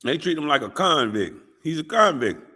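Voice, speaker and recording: A man hosting a show, talking in casual, animated and profane commentary. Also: fairly high pitch, normal speed. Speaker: show host.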